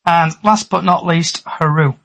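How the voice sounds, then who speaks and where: Brisk, teasing high-voiced man. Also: vocal fry, a bit bright. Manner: brisk, teasing, leads the questions. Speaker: podcast host. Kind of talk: casual chat.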